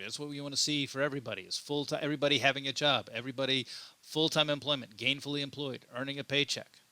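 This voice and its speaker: A man delivering an unscripted commentary monologue, pressing his points with emphasis and stumbling over repeated words as he goes. His voice is strongly bright and forward, and the recording is very dry and close. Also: mid-range voice, dry recording. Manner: repeats himself and restarts often, emphatic. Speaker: political commentary host.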